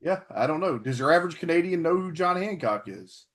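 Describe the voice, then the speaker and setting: A man's voice: on the high side, expressive, fairly quick, fairly bright tone. A man co-hosting a wrestling podcast in casual chat, laid-back and teasing. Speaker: podcast co-host.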